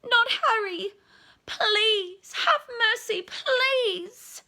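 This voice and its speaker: A woman's voice: very slow, bright, forceful tone, heavily acted. A woman voicing a desperate young mother pleading through sobs for her child's life. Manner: high, sobbing pleas.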